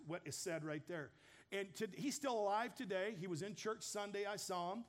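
A man in his fifties delivers a sermon with a notably high-pitched voice. He speaks earnestly and directly, in a storytelling way. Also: moderate pace. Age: 50s. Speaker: pastor.

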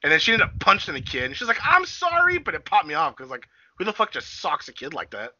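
A man rambling through a film recap with loose, swearing energy and a very bright, forceful voice that swings widely in pitch. The sound is dry and a bit dull, like a modest home setup. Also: lively intonation, fast talker, husky, dry recording. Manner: rambling, profane, laughing recap with acted-out quotes. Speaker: podcast co-host recapping a film. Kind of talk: casual chat.

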